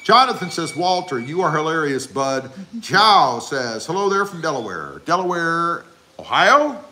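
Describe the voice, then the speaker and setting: A man's voice: fairly high pitch, very animated, unhurried, pushed and bright, a little hiss or hum. A man hosting a casual livestream, reading viewer comments aloud and answering them with jokes. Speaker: livestream host.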